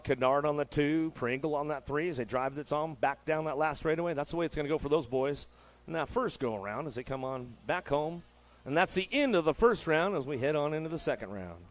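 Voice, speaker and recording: A man announcing a race with live play-by-play commentary, in a hyped, laid-back patter full of slang. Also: fairly high pitch.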